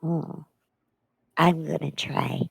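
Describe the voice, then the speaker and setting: A woman playing a tabletop game in character, soft, hesitant and playful. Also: low-pitched, flat delivery, slow pace, creaky, breathy edge, no room sound, low-quality recording. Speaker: player. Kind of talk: in-character tabletop role-play.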